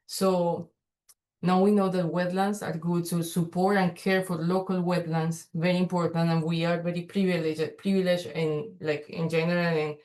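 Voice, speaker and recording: A woman presents her research in a virtual workshop. She speaks haltingly, full of fillers and restarts, over a video call microphone. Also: low-pitched, a little mellow. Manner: hesitant, many fillers and restarts. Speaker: guest speaker, pollinator researcher.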